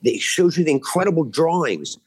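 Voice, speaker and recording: A man's voice: fairly high pitch, big pitch swings, a little fast, slightly rough. Earnest, rambling man guest. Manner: earnest, rambling, many restarts. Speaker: podcast guest. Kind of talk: casual chat. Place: podcast studio.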